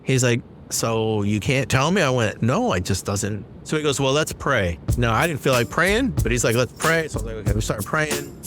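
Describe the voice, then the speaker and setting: A man's voice: mid-range voice, moderate pace, few pauses. A man casually telling a personal story and acting out the dialogue. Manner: animated, acts out quoted dialogue. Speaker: storyteller guest. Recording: music bed behind. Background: music.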